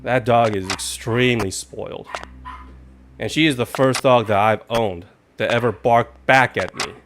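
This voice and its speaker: A man's voice: mid-range voice, unhurried, background noise. A man streaming a game live, chatting in a rambling way with sudden jumpy outbursts when startled. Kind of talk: casual live gaming commentary.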